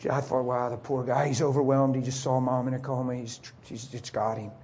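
A middle-aged man preaching a sermon as a story, acting out the voices and swinging from soft whispers to high cries. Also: flat delivery, fairly quick, husky.

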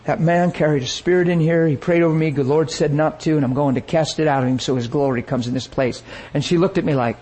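A man preaching a sermon, telling a story with lively energy and acting out the people he quotes. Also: a little high, fast talker, hardly any pauses, slightly rough, poor audio.

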